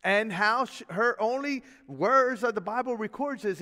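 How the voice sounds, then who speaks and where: A man preaching a sermon as pastor, in a folksy, animated way with chuckles and asides. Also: sits high, unhurried, few pauses, big-room sound. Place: church sanctuary.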